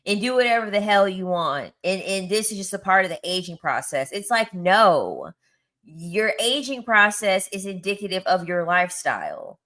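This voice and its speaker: A woman's voice: medium pitch, sharp tone. A woman in her thirties telling a story in casual chat, blunt, crude and mocking, laughing often. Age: 30s. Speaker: content creator.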